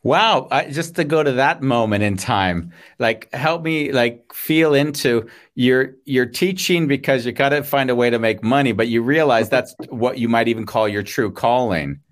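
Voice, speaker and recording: A man's voice: medium pitch, normal speed, few pauses. A man co-hosting a podcast who responds with enthusiasm and relates his own stories. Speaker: co-host. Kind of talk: casual chat.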